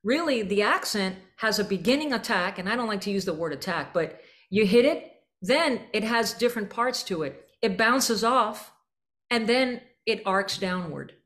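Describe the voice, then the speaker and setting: A woman's voice: medium pitch, animated, normal speed, fairly bright tone. A woman leading a band rehearsal clinic, coaching players with vivid images and singing out the syllables and rhythm phrases. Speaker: jazz clinician.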